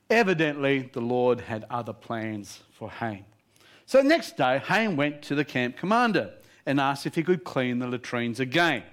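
Animated male preacher telling a story. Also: medium pitch. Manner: lively, animated, laughing between lines. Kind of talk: sermon storytelling.

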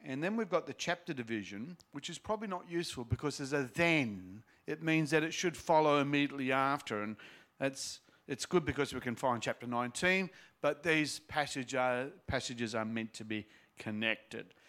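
A man's voice: medium pitch, expressive, normal speed, fairly bright tone. A man reading a Bible passage aloud and breaking off into casual, explanatory teaching asides. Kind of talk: scripture reading with commentary.

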